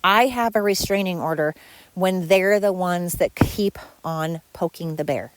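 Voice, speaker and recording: Speaking a little slowly, a middle-aged woman airs her grievances about former colleagues on her own podcast, full of sarcasm and high-voiced impressions of them. It's a solo rant, recorded dry.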